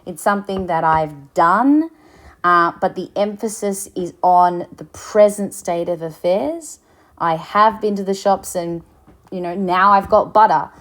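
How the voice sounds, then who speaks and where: A woman teaching a recorded lesson, explaining slowly, with fillers and restarts. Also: fairly low pitch. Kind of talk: recorded lecture.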